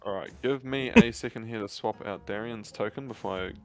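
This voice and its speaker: A man's voice: fairly low pitch, fairly quick. A man narrating as dungeon master, with many fillers and restarts. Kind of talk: narrating a tabletop game.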